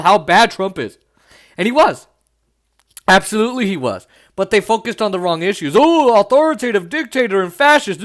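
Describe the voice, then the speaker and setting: A man from Las Vegas giving casual political commentary in a sarcastic, mocking way, often laughing. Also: on the high side. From Las Vegas, Nevada.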